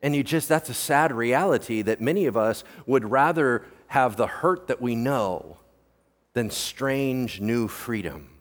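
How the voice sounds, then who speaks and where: A man's voice: mid-range voice, unhurried, in a large hall. A male pastor preaching a sermon, joking and throwing questions at the congregation. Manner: animated, joking, asks the room questions.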